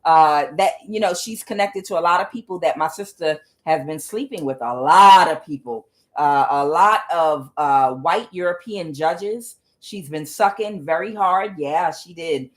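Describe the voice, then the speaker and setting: A woman's voice: sits low, unhurried, hardly any pauses. A woman tarot reader in a casual monologue who tells her story bluntly, swears freely and repeats words for emphasis.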